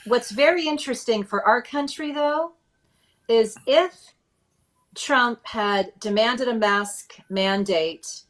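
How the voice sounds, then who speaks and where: A woman's voice: a little high, takes it slowly, a bit bright. A woman hosting a political talk podcast in a chatty, emphatic way. She keeps the show moving and hands off from one segment to the next. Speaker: podcast host. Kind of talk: casual political chat.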